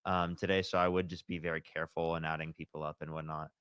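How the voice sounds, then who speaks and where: Man, livestream host, quick rambling talk, smooth low voice. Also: flat delivery, a bit bright, dry recording, clean studio sound. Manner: rambling, many fillers. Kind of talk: casual debate livestream.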